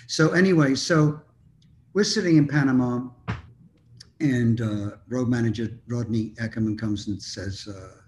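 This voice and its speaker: A man's voice: medium pitch, unhurried, darkish tone, a little hiss or hum. An older man, a musician guest, telling long anecdotes in a casual interview, rambling with frequent ums and restarts.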